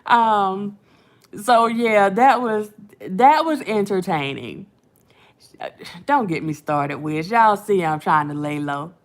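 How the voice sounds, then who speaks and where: A woman's voice: medium pitch, slow. A woman, hosting casual late-night commentary, chatty and laughing often while she retells things. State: has a headache. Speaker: channel host.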